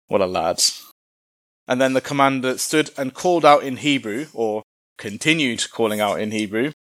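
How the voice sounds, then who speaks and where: A man's voice: medium pitch, fairly quick, fairly bright tone, no echo, clean studio sound. A man giving an informal Bible lesson in a chatty, humorous way with casual slang. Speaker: Bible teacher.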